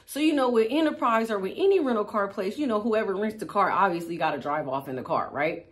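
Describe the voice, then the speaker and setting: A young woman, telling a storytime to her viewers in a casual, slangy, animated way, laughing and acting out what people said. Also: mid-range voice, fast. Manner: animated, slangy, acts out quotes, laughs often. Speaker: storytime vlogger.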